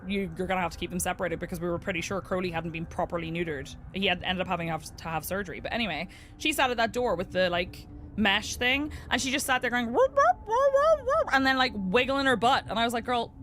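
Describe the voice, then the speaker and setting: This woman talks fast at a medium pitch, with slight noise in the background. She's a lively storyteller who chats and laughs a great deal as she streams a game in a casual way.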